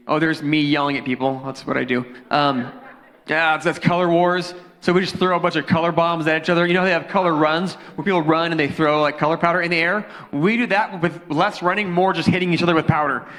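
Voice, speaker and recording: A young man, a youth pastor, preaching casually into a handheld mic, telling a story with jokes and animated asides. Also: fairly high pitch. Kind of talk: sermon. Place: church sanctuary. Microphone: handheld microphone. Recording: long hall reverb.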